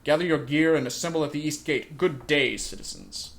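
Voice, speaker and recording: A man's voice: on the high side, animated, fairly quick, creaky, slight background noise. Name: Thurfer. A man reading as a stern guard captain. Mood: scornful. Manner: stern, scornful. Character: hot-tempered male guard captain.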